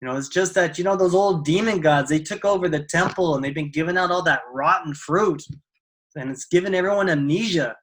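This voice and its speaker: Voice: mid-range voice, a little fast, a bit bright, close to an everyday voice. A storyteller voicing a strange, grinning old man who talks in an easygoing, knowing way. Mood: welcoming. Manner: chuckling, easygoing, fond.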